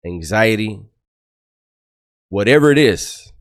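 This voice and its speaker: Middle-aged man, low voice, swings up and down a lot; blunt, profane ex-con telling stories to camera. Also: expressive, takes it slowly. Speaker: former prisoner giving life advice. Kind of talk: casual storytelling to camera.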